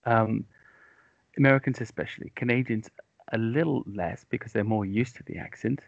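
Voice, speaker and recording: A man's voice: medium pitch, moderate pace, gravelly, dry recording. A British man hosting a casual chat, talking in a chatty, self-mocking and rambling way. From United Kingdom. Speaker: podcast host. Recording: dry, dull lo-fi sound.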